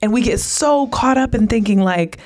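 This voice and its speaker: A woman's voice: on the high side, normal speed, darkish tone. Earnest woman telling a personal story. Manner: earnest, emotional, speeds up in bursts. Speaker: podcast guest, business owner.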